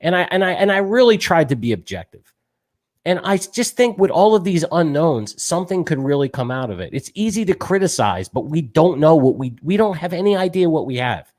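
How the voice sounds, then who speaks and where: A man co-hosting a sports talk show, talking fast and emotionally as a self-described fan. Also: on the high side, sing-song, darkish tone.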